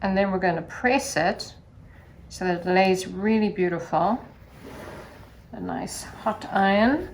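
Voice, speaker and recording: A woman calmly walking through a sewing demonstration step by step, in a gentle sing-song teaching manner. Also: medium pitch, a little slow, pauses often, a little hiss or hum. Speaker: sewing instructor.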